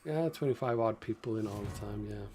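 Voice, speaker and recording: A man's voice: on the low side, brisk, dark tone, faint music behind. Chatty, rambling male stream host. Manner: rambling, chatty, reading viewer names aloud, frequent fillers. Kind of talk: casual live-stream chat.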